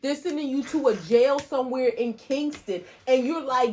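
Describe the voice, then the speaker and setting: A woman with a fairly high voice co-hosts a casual podcast conversation. She talks earnestly, walking through hypothetical scenarios step by step. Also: moderate pace, hardly any pauses, darkish tone. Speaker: podcast co-host. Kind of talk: casual chat.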